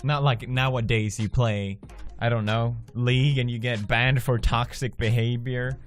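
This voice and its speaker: A man in his twenties from Sweden, telling a profane, animated gaming story as a video blogger and acting out people's reactions. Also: medium pitch, unhurried. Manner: profane, animated, laughs often, acts out quoted reactions. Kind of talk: casual storytelling monologue.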